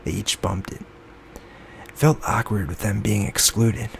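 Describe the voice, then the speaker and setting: A man reading his own novel aloud in a soft-spoken ASMR style, slipping into whispers now and then. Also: fairly even intonation, measured pace, creaky. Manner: soft, low-key reading that slips into whispers. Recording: lo-fi with faint background noise.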